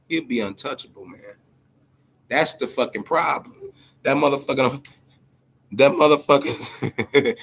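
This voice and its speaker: A man hosting a casual boxing vlog, talking in a profane, animated rant with laughing asides. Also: medium pitch, slightly rough. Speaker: boxing vlogger.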